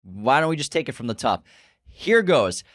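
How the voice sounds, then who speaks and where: A man's voice: mid-range voice, big pitch swings, natural voice. A man doing a comic impression of a frantic lawyer rattling off a breathless list of offences. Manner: rapid breathless list with a big inhale.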